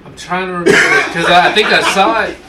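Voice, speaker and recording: A man's voice: high voice, fairly even intonation, quick pace, very noisy. A man on a podcast in casual chat, hedging his points and repeating himself. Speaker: podcast co-host.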